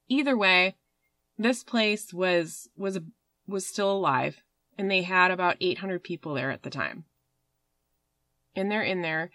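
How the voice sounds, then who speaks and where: A woman's voice: medium pitch, pushed and bright, no echo. A woman hosting a podcast, telling a story in a rambling, casual way with fillers and swearing. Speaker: podcast host.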